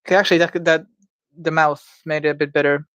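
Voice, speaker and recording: A man livestreams from home while drawing game creatures, rambling and thinking aloud with stammers, restarts and playful asides. His voice is on the high side, fast, steady and a bit bright, with no echo.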